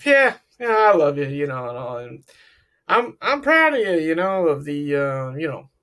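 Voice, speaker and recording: A man's voice: a little high, sing-song, moderate pace, pushed and bright, heavily acted. A man voicing an offhand father who mumbles hollow praise with many fillers and hesitations. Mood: dismissive. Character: offhand, half-hearted father giving empty praise.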